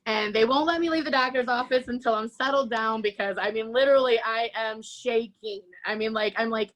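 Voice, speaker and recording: A woman shares her personal testimony as an interview guest. Her voice sits a little high, and she tells it animatedly, slipping into the voices of the people she quotes and laughing often. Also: fairly even intonation, moderate pace, fairly bright tone, a little hiss or hum, poor audio.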